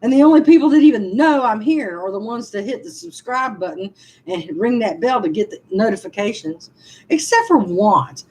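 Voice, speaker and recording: A woman talks frankly to her viewers on a casual livestream. Her voice sits fairly high and swings widely in pitch as she vents. She laughs and makes asides as she answers their comments. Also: animated, moderate pace, a little mellow, husky, rough recording. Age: 60s. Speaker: livestream vlogger reading comments.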